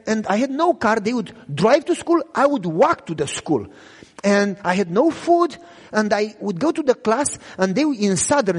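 A man's voice: very high voice, in a large hall. A man preaching a sermon in English, a second language for him, earnestly sharing his own testimony and often asking listeners whether they follow him. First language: not English. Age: adult with children.

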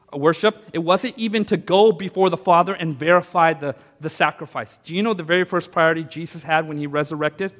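A man preaching a sermon in a church, telling a personal story in a conversational way with asides to the audience, then slowing down to press key words for emphasis. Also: on the high side, a bit bright, long reverb tail. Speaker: pastor. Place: church sanctuary.

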